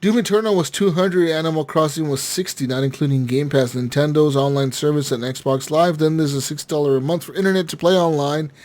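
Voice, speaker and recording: A man's voice: a little high, a little fast, few pauses, a little mellow. A man hosting a casual gaming podcast, reading listener comments aloud with lots of swearing and laughter.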